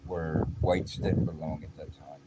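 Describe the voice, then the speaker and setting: A middle-aged man tells a story from his own life in a casual, blunt, streetwise way. His voice sits very low, and his slangy speech is full of restarts. Steady background noise runs under the recording. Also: unhurried. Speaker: vlogger.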